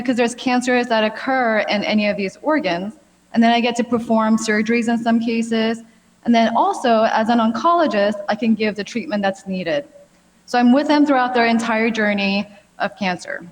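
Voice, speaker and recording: A woman in her thirties, a gynecologic oncologist giving a friendly, chatty health talk with a lot of fillers. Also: on the high side. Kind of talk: health expo presentation. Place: large hall. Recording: long hall reverb.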